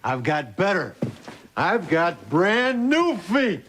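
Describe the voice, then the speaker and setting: An exasperated sitcom dad, with a fairly high voice that swings up and down. Heavy noise sits under the sitcom audio. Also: male voice, huge pitch swings, takes it slowly, heavily acted. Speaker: sitcom father.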